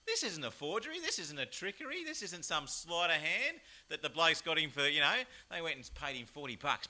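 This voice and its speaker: An Australian man delivers a lively sermon in a fairly high voice. His tone is bright and forceful, and his pitch rises and falls widely as he throws in rhetorical questions. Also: normal speed, few pauses. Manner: animated, chatty, with rhetorical asides. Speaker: pastor.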